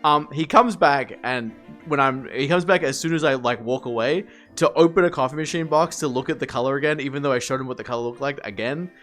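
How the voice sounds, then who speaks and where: A man streaming live, rambling through animated work stories to his chat, swearing and laughing as he goes. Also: medium pitch, fast talker, few pauses, soft background music.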